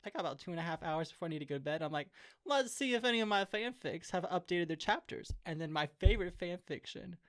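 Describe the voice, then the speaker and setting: A man's voice: high voice, expressive, fast, fairly bright tone. A young man co-hosting a casual podcast chat, talking in a chatty, joking way and laughing often. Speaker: podcast co-host.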